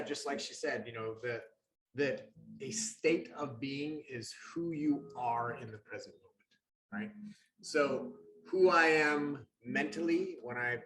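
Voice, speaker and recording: A man's voice: mid-range voice, fairly bright tone. A man co-hosting a wellness show who gives motivational coaching talk and often checks in with his listeners. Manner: explanatory, often checks in with "right?". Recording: roomy, echoey room.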